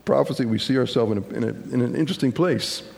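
A man preaching a sermon as pastor, talking in a folksy, halting way with fillers and restarts, to a congregation. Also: mid-range voice, creaky, darkish tone. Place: church sanctuary. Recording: long church hall reverb with congregation.

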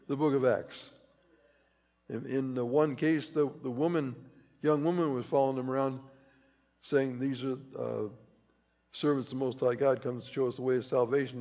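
Gravelly-voiced man preaching in a hall. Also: mid-range voice, darkish tone. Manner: rambling, repeats himself, rising emphasis on key phrases. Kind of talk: conversational sermon. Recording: reverberant hall.

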